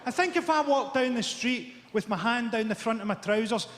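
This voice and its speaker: A Scottish man in his forties doing a stand-up routine before a live audience, delivering dry, dark one-liners with sharp punchlines. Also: extremely high pitch, animated, normal speed. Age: 40s. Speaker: stand-up comedian. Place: large theatre stage. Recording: echoey theatre stage with roaring crowd.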